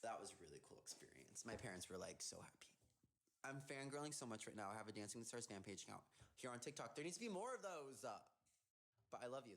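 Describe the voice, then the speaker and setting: A man's voice: mid-range voice, fairly bright tone. A young man talking casually on a phone livestream, reading out fan questions and answering them in a chatty, effusive way with lots of "like.". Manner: chatty and effusive, with many fillers like "like". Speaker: dancer hosting a livestream.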